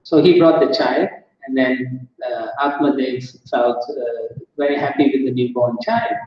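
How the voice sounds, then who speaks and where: At a temple, a man tells a scripture story during a sermon, chatty and laughing at his own asides. His voice is medium-pitched and a little slow. The distant, dull mic picks up the echo of the temple hall.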